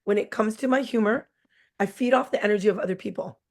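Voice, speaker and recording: A woman's voice: medium pitch, fast. A woman in her forties, a teacher, telling stories from her classroom in a candid, blunt and jokey way. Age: 40s. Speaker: teacher, guest. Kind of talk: candid conversational storytelling.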